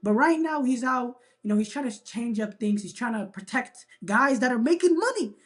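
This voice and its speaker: A man's voice: very high voice, expressive, moderate pace. A man co-hosting a sports talk show, making a long emphatic point and leaning on "you know" as he argues. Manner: emphatic, repeats himself, lots of "you know". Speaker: sports podcast co-host. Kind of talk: casual sports debate.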